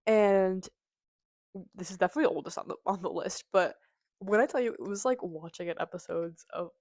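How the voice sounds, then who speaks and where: A woman's voice: medium pitch, a little fast, a little mellow, no echo. A woman hosting a casual book review chat, gushing and chatty with lots of "like" and "um". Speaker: book reviewer, channel host.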